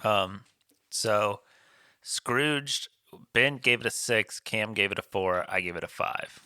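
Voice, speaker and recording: Male podcast host, bright forward voice, dry close sound, rambling and laughing easily. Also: fairly low pitch, takes it slowly, clean tone, no echo. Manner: rambling, laughs often, many "like" fillers. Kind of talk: casual movie-review chat.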